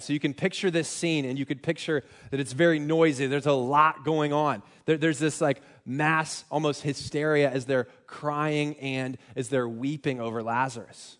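A young man preaches to his congregation in an easygoing, chatty way. His voice sits a little high for a man. He restarts his phrases often and pokes fun at himself. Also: steady tone, moderate pace, few pauses. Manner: conversational, self-deprecating, with frequent restarts and "like". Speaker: pastor. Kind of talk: sermon.

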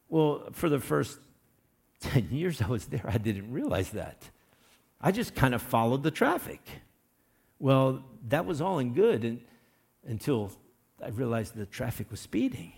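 Gravelly, husky-voiced male pastor. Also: mid-range voice. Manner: folksy, joking asides and everyday illustrations; loud bursts when acting out scenes. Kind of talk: conversational sermon.

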